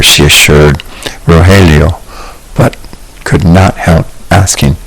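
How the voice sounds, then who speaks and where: A man narrating a novel as an audiobook, in an expressive, measured storytelling manner. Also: deep voice, vocal fry, husky, low-quality recording. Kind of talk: scripted narration.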